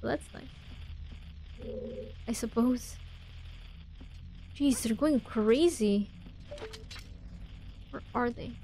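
Soft-spoken woman playing a game. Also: fairly high pitch, drawn-out words, pauses often, slight background noise. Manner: speaks softly, half whispering in quiet parts. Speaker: gamer. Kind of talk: game commentary.

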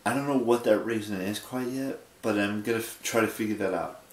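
Male vlogger, 20s, sleepy, halting and rambling, slightly low voice. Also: echoey room. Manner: rambling, halting, with many restarts. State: sleepy, yawning. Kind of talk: casual late-night vlog monologue.

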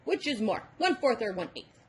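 A woman's voice: a little high, big pitch swings, a little hiss or hum. A woman voicing a teasing number devil. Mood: quizzing. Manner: brisk, coaxing, quizzing. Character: magical male number devil, bossy and teasing.

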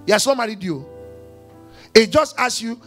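A man preaching a sermon as pastor, emphatic and repetitive, swinging between quiet and loud. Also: high-pitched, expressive, moderate pace, faint music behind.

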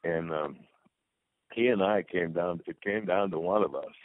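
As an interview guest, a retired football player, now older, tells casual, meandering stories and acts out what people said. His low-pitched voice is unhurried, and the dry, lo-fi phone-like recording has no echo.

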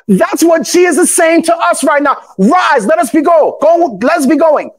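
Man, high voice, pastor, sermon, shouts to the congregation, reads old-style scripture. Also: animated, slow. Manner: call-and-response preaching, often bursts into shouts; reads scripture aloud in old formal English.

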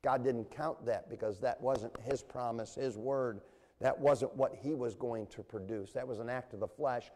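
A man preaching a sermon to his congregation, animated and engaging them with questions. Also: mid-range voice, moderate pace, slight background noise. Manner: animated preaching with call-and-response and playful voices. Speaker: pastor. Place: church sanctuary. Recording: long reverb of a church hall.

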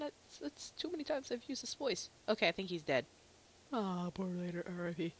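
A woman giving casual gameplay commentary, chatty and self-mocking, quick to exclaim. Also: mid-range voice, animated, a bit bright, breathy edge. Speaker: let's play gamer.

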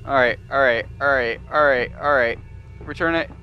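A man's voice: mid-range voice, normal speed, pushed and bright, faint music behind. A man giving nervous, jumpy let's-play commentary on a horror game he is playing. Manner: jumpy, nervous, swears mildly, yelps when startled.

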